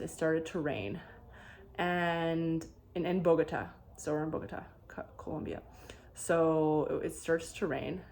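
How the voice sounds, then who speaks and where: A young adult woman vlogger telling a travel story in a casual, rambling way, full of restarts and "like". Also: low-pitched. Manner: animated, rambling, frequent "like" and restarts.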